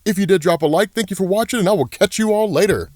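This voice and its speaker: A man giving a casual, excited comic book recap with lots of fillers. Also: high voice, fast talker, dry recording, clean studio sound.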